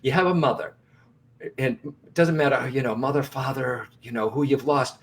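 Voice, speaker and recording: A man co-hosting a live broadcast conversation, his voice sitting at an ordinary middle pitch. He talks earnestly and reassuringly to his viewers, often circling back and restarting his sentences. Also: moderate pace, a little hiss or hum. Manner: frequent restarts and repeated phrases. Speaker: psychic medium and co-host.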